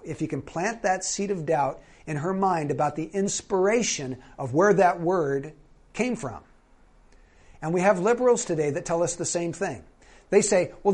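A man with a high-pitched voice preaches a sermon in a church. He talks conversationally and keeps putting questions to the congregation. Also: darkish tone, breathy edge. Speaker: pastor.

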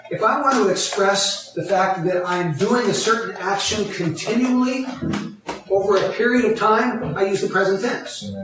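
A man's voice: high-pitched, noisy background. A man preaching a teaching sermon, explaining a Bible passage step by step and asking his congregation questions. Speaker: pastor. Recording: echoey hall, mic far off.

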